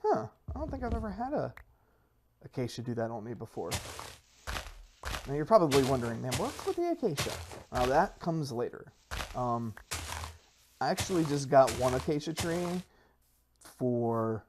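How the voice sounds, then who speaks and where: A man giving playful gameplay commentary, rambling and self-mocking as he hypes his plans like a salesman. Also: noisy background. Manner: mock sales-pitch hype, rambling with restarts. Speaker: Minecraft server player and video creator.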